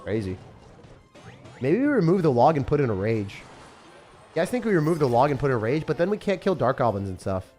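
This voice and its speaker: A young man commentating his own gameplay as a streamer, excitable and sarcastic, mocking what he complains about. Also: mid-range voice, fairly quick, long pauses. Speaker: game streamer. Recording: faint music behind.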